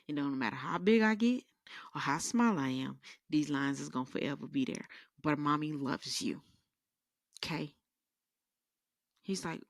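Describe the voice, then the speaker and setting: A woman's voice: deep voice, moderate pace, pauses often, no room sound, studio quality. A woman podcast host telling sassy, rambling comedic stories in a casual monologue. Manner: animated, rambling, sassy storytelling.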